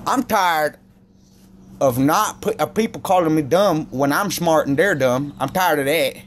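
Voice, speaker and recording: A man's voice: on the high side, measured pace, a little hiss or hum. A man delivering a rambling, profane comedic rant, repeating himself as he goes. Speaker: comedic vlogger.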